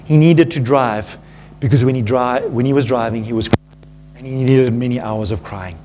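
A man preaching a sermon as pastor, earnest and animated, calling his listeners folks and dropping low and quiet at tender moments. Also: moderate pace, a little hiss or hum.

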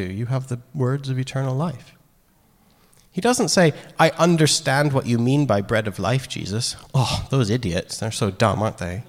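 Conversational man preaching in a hall. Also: mid-range voice. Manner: animated, conversational, acts out quoted lines. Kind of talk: sermon. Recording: long hall reverb.

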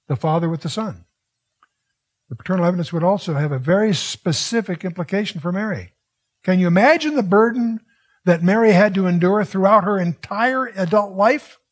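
High-voiced husky older man teaching Bible. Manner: conversational, asks the audience questions.

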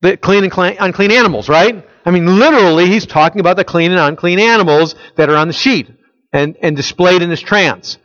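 A man's voice: sits high, brisk, a bit bright, no echo, lo-fi sound. Emphatic man preaching a sermon. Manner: conversational, emphatic, asks the congregation rhetorical questions. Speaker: pastor. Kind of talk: expository sermon.

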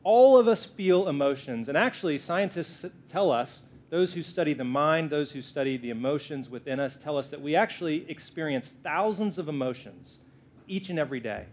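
A male pastor in his thirties preaching to his congregation. He talks in a playful, joking way, teasing the crowd before turning to scripture. His voice sits a bit on the high side. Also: moderate pace. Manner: playful, lively, jokes with the congregation. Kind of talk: sermon. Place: church.

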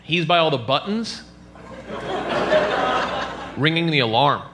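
A man doing a stand-up comedy set, telling stories animatedly and jumping into high squealing character voices. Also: expressive, slow, very noisy. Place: comedy club stage.

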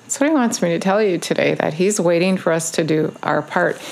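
Low, gravelly woman preaching. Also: fairly quick, darkish tone, slight background noise. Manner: earnest, repetitive exhortation with frequent ums. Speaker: online preacher. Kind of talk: casual video sermon.

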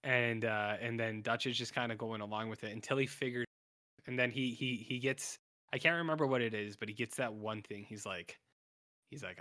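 Bright-voiced man recapping episodes. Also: medium pitch, fairly even intonation, brisk. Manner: rambling, self-interrupting, acts out characters' lines. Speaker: podcast co-host. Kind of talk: casual episode recap chat.

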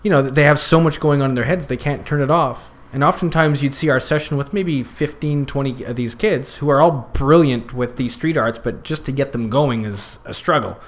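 A man's voice: medium pitch, normal speed, hardly any pauses. Rambling man in casual podcast chat. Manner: rambling, many fillers and restarts. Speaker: podcast guest, youth circus worker.

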